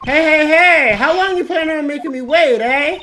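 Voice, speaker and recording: A woman voicing a pushy middle-aged male noodle vendor with a loud, brash, folksy manner. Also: high-pitched, moderate pace, a little hiss or hum, pitched above the performer's own voice. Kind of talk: reading game dialogue aloud on a stream. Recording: music playing behind the voice.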